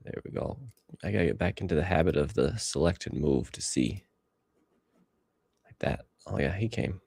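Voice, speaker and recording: A man's voice: deep voice, expressive, normal speed, vocal fry, darkish tone, husky, no echo. A man in his thirties streaming live as he edits photos, rambling and talking to himself while he works. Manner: rambling self-talk, musing aloud. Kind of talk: casual livestream commentary while working.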